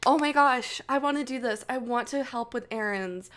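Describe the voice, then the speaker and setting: A young woman hosting casual gameplay commentary, gushing and excitable with frequent gasps. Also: fairly high pitch, moderate pace. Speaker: gaming channel host.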